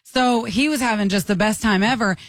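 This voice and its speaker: A woman's voice: on the high side, brisk, no room sound. A woman from Michigan co-hosting a chat show, telling a funny travel story with lots of laughter and acted-out quotes. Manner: animated, laughing, acts out quoted voices.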